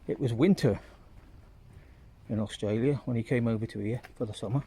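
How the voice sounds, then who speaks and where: A man's voice: medium pitch, brisk, dark tone, breathy edge. A man rambling through a casual walking vlog outdoors on town streets, chatting like a storyteller into a handheld phone. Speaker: vlogger.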